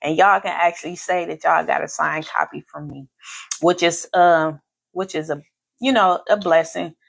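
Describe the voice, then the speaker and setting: A gravelly, steady voice on the low side, at a moderate pace, belongs to a woman hosting a casual live podcast. Grateful and faith-filled, she speaks effusively and repeats phrases for emphasis.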